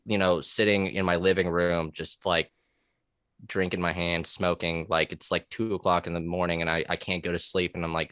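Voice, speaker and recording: A very deep-voiced man talks loosely in a podcast chat, full of ums, likes and restarts, and swears freely. His voice is close and dry, with no room sound around it. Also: flat delivery, normal speed, a bit bright, clean tone, no room sound. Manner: rambling, profane, with many fillers and restarts. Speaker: podcast guest, former corrections officer. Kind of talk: casual conversational podcast.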